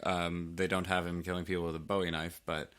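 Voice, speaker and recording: A man's voice: deep voice, level tone, brisk, a bit bright, clear, resonant tone. A man co-hosting a casual podcast, loose and offhand, swearing freely. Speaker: podcast co-host. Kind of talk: casual chat.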